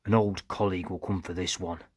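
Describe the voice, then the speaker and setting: Cold menacing male soldier villain, deep and husky, read by a man. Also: steady tone, brisk, no echo, studio quality. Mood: cold menace. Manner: cold and threatening.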